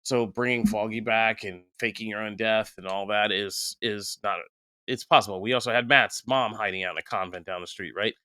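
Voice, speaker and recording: Male podcast guest, smooth resonant voice, hiccuping, animated and wry. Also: on the low side, normal speed, few pauses, dry recording. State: has the hiccups. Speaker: guest critic. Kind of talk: casual podcast discussion.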